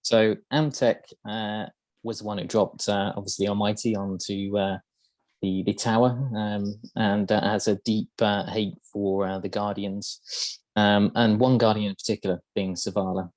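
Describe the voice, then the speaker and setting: A man's voice: on the low side, flat delivery, normal speed, a little mellow, no echo. A man hosting a podcast, explaining game lore in casual chat, hesitant and full of ums and uhs. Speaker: podcast host.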